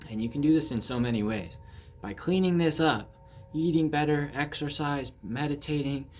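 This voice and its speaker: A man's voice: lowish voice, a little mellow, a little hiss or hum. A man giving a casual, earnest motivational talk on spiritual growth, coaching listeners with frequent fillers. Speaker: spiritual speaker.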